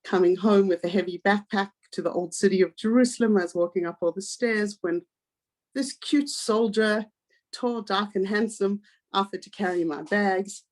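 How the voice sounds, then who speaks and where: A woman's voice: medium pitch, moderate pace. South African woman telling her story. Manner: animated, acts out quoted voices. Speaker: guest speaker. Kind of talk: personal storytelling talk.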